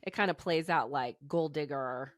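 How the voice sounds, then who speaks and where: A woman co-hosts a true-crime podcast in a low, unhurried voice, walking a friend through the case with easy fillers. The sound is close and dry, with no room around it. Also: no echo. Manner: chatty, storytelling with fillers like "you know". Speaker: podcast co-host. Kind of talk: casual true-crime chat.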